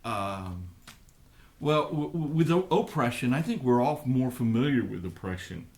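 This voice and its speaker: A middle-aged man, a pastor, talking on a live ministry program in a thoughtful, halting way with many restarts. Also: mid-range voice, animated, a little mellow. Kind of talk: live radio ministry talk.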